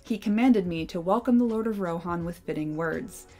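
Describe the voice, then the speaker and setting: A cheeky young hobbit from a storybook, greeting lords with grave, stiff formality that is plainly tongue-in-cheek, as a woman reading aloud puts him on. He keeps a measured, courteous tone. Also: lowish voice, a little mellow, soft background music, natural voice. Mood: mock grave.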